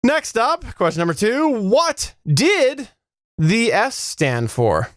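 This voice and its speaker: A man's voice: high voice, big pitch swings, takes it slowly, a bit bright, dry recording, clean studio sound. Playful man hosting a podcast quiz. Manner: playful, laughs often, sings out sound effects. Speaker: podcast co-host running a trivia quiz. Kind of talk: casual podcast chat.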